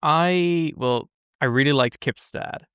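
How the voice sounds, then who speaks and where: A man's voice: a little high, takes it slowly, fairly bright tone, clear, resonant tone, no room sound, clean studio sound. A man co-hosting a podcast in casual chat, thoughtful and asking questions. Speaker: podcast co-host.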